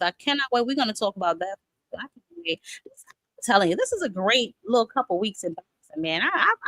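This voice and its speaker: A woman hosts a boxing show as a loose, sassy live-stream chat with her viewers, calling them "honey" and "child". She sits in the middle pitch range for a woman. The sound is dry and close, with no room echo. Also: a bit bright. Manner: greets viewers by name as she talks.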